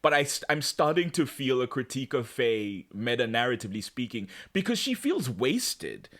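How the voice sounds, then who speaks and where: A man co-hosting a casual podcast, recapping a TV show, animated and laughing as he acts out characters' lines. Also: medium pitch, normal speed. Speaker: podcast co-host.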